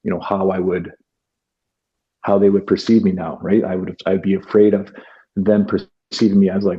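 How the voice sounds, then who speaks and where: A man from Canada, a podcast guest, speaking in an earnest, halting way with many fillers and restarts. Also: low voice, flat delivery, mellow, dull audio. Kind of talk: reflective interview talk.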